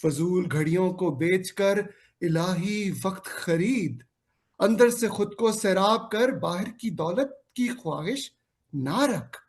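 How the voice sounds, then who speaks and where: A man's voice: sits high, animated, very fast. A man reading a translated sonnet aloud as a poetry recitation. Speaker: sonnet reader.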